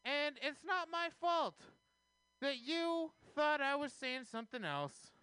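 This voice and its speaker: Slow, bright-voiced male stand-up comic. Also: extremely high pitch, animated, no room sound. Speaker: stand-up comedian. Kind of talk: stand-up set.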